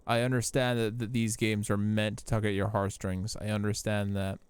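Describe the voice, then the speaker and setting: A man's voice: on the low side, flat delivery, moderate pace, clear, resonant tone, dry recording. A young man commentating his live game playthrough, blunt and profane, talking straight to his chat. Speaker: streamer.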